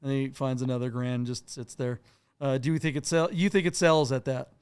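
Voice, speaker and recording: A man's voice: medium pitch, fairly even intonation, a little fast, a little mellow, smooth. A man co-hosting a live car auction stream, talking casually with blunt, sarcastic remarks and lots of fillers.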